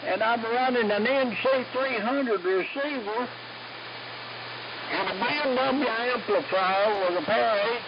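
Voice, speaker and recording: A man in his 70s checks in on an amateur radio net, folksy and joking in typical ham radio chat. His voice is high-pitched and creaky, heard through lo-fi AM radio with static.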